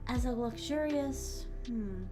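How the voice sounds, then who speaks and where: A woman's voice: a little high, slow pace, over music. A woman streamer musing aloud as she writes, trying out words and chatting casually with her viewers.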